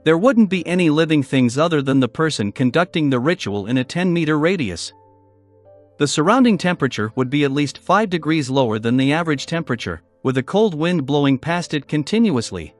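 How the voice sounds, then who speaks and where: A man's voice: fairly high pitch, lively intonation, a little fast, soft background music, natural voice. A male narrator voicing a confident, teasing young male investigator in an audiobook, with an easygoing, playful manner.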